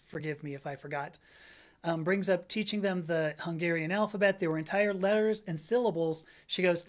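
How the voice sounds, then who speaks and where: A woman with a slightly low voice hosts a casual livestream. She rambles through her points with loose fillers and restarts, and breaks off to greet viewers and answer their chat. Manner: digressive, chatty, stops to greet viewers and read chat; many fillers and restarts, laughs at herself. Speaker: livestream host. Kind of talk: casual lecture-style stream chat.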